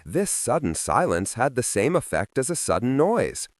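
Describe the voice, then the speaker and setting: A man's voice: medium pitch, very animated, moderate pace, no echo, clean studio sound. A man narrating a self-help audiobook in an emphatic, instructional reading style.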